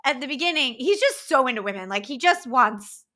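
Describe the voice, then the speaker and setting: A woman co-hosting a casual podcast, her voice a little high and very bright. She giggles a lot and slips into quick voices to act out movie lines. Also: expressive. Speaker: podcast co-host. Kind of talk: casual chat.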